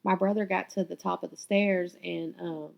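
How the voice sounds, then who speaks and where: Woman podcaster, raspy gravelly voice, swears a lot, spilling her story on a muffled lo-fi mic. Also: lowish voice, fairly even intonation, moderate pace. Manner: raw, candid, swears freely. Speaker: podcast host. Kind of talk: confessional personal storytelling.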